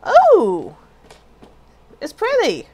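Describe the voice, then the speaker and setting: In casual let's play commentary on a puzzle game, a female streamer argues with the screen in jokey frustration. She speaks extremely slowly in a very high, darkish voice whose pitch swoops wildly.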